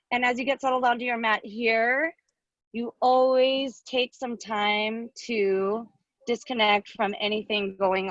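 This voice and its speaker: Calm woman leading yoga. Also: on the high side, no room sound. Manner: calm, friendly, playful teacher cues. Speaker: yoga instructor. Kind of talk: guided yoga class over video call. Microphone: video call microphone. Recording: dull, lo-fi video call audio.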